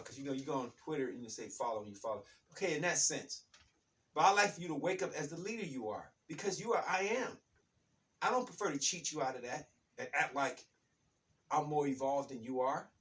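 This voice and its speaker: Emphatic high-voiced man speaking from afar. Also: far from the mic. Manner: emphatic, repetitive, preacher-like, rising to loud peaks. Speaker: author and self-help speaker. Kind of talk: motivational talk to camera.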